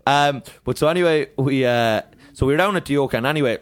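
A man's voice: medium pitch, quick pace. An Irish man with an Irish accent, a comedian guest, telling rambling, sweary stories in casual podcast chat and laughing often. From Ireland.

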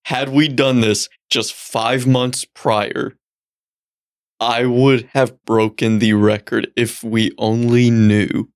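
A man's voice: medium pitch, flat delivery, slow pace, clear, resonant tone. A man co-hosting a podcast, ranting with mock indignation in casual, profane chat. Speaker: podcast co-host.

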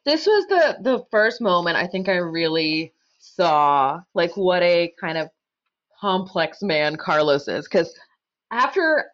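Woman, podcast storytelling, expressive, loud, lively pitch, muffled lo-fi sound. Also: takes it slowly. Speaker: public defender, guest.

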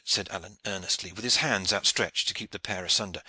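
Male audiobook narrator; bright, expressive, dry close sound. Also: sits low, brisk, few pauses, husky, no echo. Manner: steady storybook reading.

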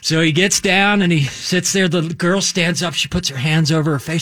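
A man's voice: on the high side, moderate pace, hardly any pauses, a bit bright, no echo, clean studio sound. A male podcast co-host joking in casual banter and laughing often.

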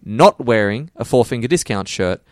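A man's voice: medium pitch, expressive, moderate pace, no echo. A man co-hosting a podcast, chatting casually and cutting in with live baseball scores. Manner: jokey, breaks off to give live baseball scores. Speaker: podcast co-host. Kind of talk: casual chat.

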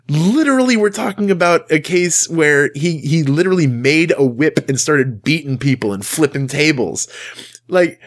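A man giving a casual sermon in a conversational, emphatic way, acting out the quotes he tells. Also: mid-range voice. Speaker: Christian speaker.

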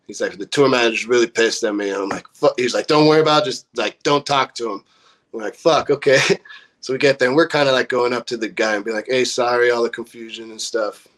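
Talking a little fast at medium pitch, a young Californian in a band spins a casual, foul-mouthed story, animatedly performing the quotes.

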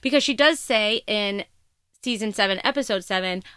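A woman co-hosting a podcast, recapping a TV episode in casual, emphatic, animated storytelling. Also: medium pitch, normal speed, clean tone, dry recording, studio quality. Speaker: podcast co-host.

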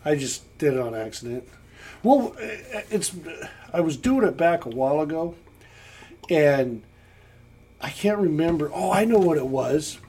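A man with a mellow, slightly husky voice, chatting on a podcast. He tells rambling stories, wandering from one detail to the next. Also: fairly high pitch, big pitch swings, measured pace. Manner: rambling storyteller. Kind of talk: casual chat.

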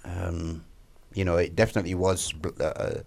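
Low creaky-voiced male radio co-host. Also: level tone, moderate pace, a little mellow. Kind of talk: casual studio discussion. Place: radio studio.

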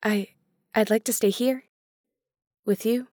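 A woman doing a shy hushed young goddess. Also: on the high side, fairly even intonation, slow, dry recording, clean studio sound, pitched above the performer's own voice. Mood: shy pleading. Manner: soft, hushed.

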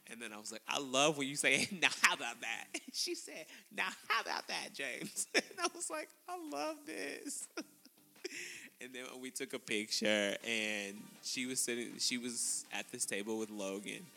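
A man co-hosting a podcast, telling a story in casual chat, laughing often and acting out quotes in a high voice. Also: very animated, normal speed, gravelly, bright, forceful tone, long reverb tail. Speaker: podcast co-host.

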